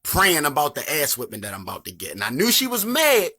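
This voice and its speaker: A man with a Baltimore accent spins comic stories in a loose, profane monologue. His voice sits a little high and jumps all over the place as he talks. He keeps the delivery animated from start to finish. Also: fast. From Baltimore, Maryland. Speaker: comedian. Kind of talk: comedic storytelling monologue.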